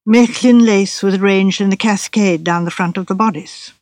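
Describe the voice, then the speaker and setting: An older woman narrating a classic mystery novel in a measured, precise storytelling manner. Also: mid-range voice, a little mellow, no room sound, studio quality. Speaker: audiobook narrator. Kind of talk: scripted narration.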